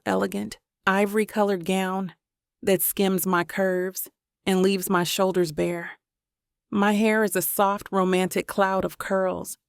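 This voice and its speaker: Woman reading a romance audiobook, flat steady delivery, dry close sound. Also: medium pitch, creaky, smooth, dry recording. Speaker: audiobook narrator. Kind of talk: first-person romance audiobook narration.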